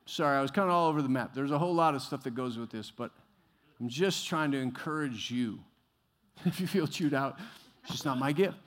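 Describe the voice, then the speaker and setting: A male pastor preaching a sermon, shifting from quiet musing to loud exhortation and acting out the voices he quotes. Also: medium pitch, brisk. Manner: acts out quoted voices, laughs at himself. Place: church sanctuary. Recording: long hall reverb.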